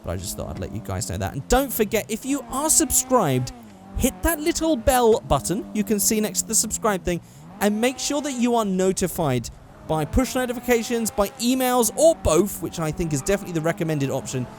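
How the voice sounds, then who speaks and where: A man's voice: sits high, very animated, a little fast, darkish tone, slight background noise. A young man giving rambling, casual gameplay commentary, swearing freely and correcting himself as he goes. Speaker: gaming YouTuber.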